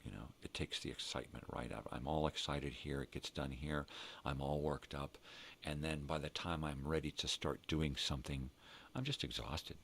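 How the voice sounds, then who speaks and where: An older man hosting a rambling morning vlog, talking to himself and cursing freely as he thinks out loud. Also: very deep voice, steady tone, moderate pace, gravelly, a little hiss or hum. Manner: rambling, profane, talks to himself. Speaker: vlog host.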